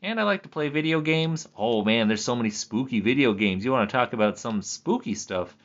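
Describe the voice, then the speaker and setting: A man chatting casually in a rambling monologue, laughing often and swinging his pitch up for jokes. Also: lively intonation, fairly quick, muffled recording. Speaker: vlogger. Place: at home.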